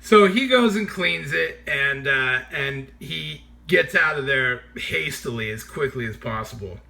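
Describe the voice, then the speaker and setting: A man telling a funny true story in a casual, animated way, often laughing as he tells it. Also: mid-range voice, a little slow, creaky.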